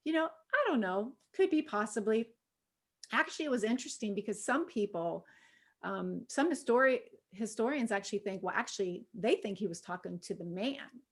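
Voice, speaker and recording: A middle-aged woman leading a women's Bible study in a relaxed, conversational way. She uses lots of "you know" fillers and bursts out loudly when she acts out quotes. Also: medium pitch, normal speed, slightly rough.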